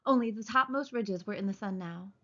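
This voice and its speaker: A woman reading a novel aloud with steady, measured narration. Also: medium pitch. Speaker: reader. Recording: dull lo-fi recording.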